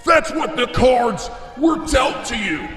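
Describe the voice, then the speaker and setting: A man playing an overblown male motivational speaker who shouts and preaches. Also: extremely high pitch, expressive, takes it slowly, voice pushed up, full character voice. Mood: dramatic. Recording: echoey, distant from mic, faint music.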